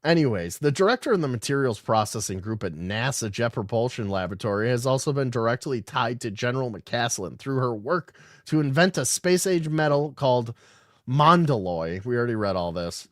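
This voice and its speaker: A podcast host with a mid-range male voice reads news articles aloud and riffs on them, irreverent, swearing and casual, like livestream commentary. His intonation is lively and his pace a little fast. The studio recording is clean, with no echo.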